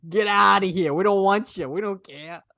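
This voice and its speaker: A man's voice: high voice, normal speed, vocal fry, sharp tone, dry recording, clean studio sound, exaggerated voice. A man doing a brash, mocking Boston local with a Boston accent. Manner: mocking, dismissive.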